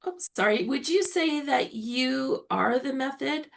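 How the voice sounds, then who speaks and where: Gravelly-voiced woman summit host. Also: sits high, unhurried. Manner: enthusiastic, praising the guest. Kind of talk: summit interview.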